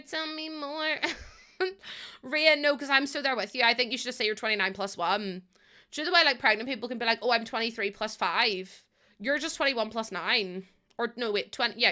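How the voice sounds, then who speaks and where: Bright, giggly Northern Irish woman. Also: fairly high pitch. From Northern Ireland. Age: 20s. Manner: chatty, giggly, answers chat. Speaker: streamer. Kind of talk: casual live-stream chat while gaming.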